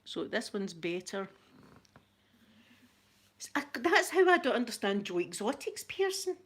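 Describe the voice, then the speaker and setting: A woman's voice: fairly high pitch, big pitch swings, a little slow. A woman with a Glaswegian Scottish accent chatting casually on a live stream, laughing often and repeating herself as she answers viewers. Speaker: ASMR channel host answering live chat.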